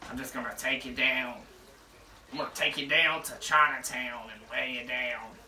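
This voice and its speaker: A man's voice: mid-range voice, fairly even intonation, moderate pace, sharp tone, distant mic, slight background noise. Guy doing a sassy tv cook lady, trash talk, echoey room. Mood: cocky. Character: impression of a brassy female TV cook.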